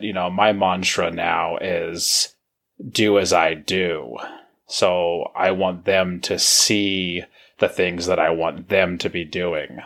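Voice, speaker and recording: A man in his thirties hosting a podcast, talking in a plain-spoken, relaxed way with lots of fillers. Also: sits low. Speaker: podcast host. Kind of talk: casual recovery podcast talk.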